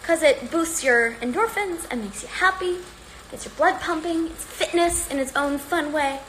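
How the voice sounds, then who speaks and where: A woman's voice: sits high, moderate pace, fairly bright tone, slight background noise, poor audio. A woman chatting casually on a livestream from home, rambling and upbeat while slightly out of breath from exercising. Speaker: livestream host.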